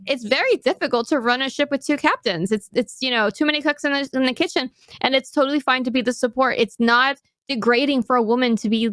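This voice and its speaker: Thoughtful woman guest, higher voice. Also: fairly bright tone, dry recording. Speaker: panel guest. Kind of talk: casual panel chat.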